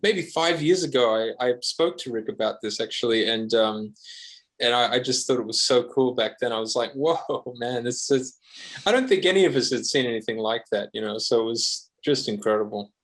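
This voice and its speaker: A man's voice: mid-range voice, fairly quick, fairly bright tone. A man with an Australian accent, a guest guitarist on a podcast, talking casually and self-deprecatingly with lots of fillers and restarts.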